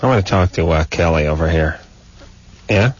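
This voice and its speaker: A man's voice: low-pitched, lively intonation, moderate pace, breathy edge. A man co-hosting a call-in radio show, joking crudely and cutting in with mocking asides. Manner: jokey, mocking, loud silly outbursts. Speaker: radio co-host. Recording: muffled radio broadcast audio.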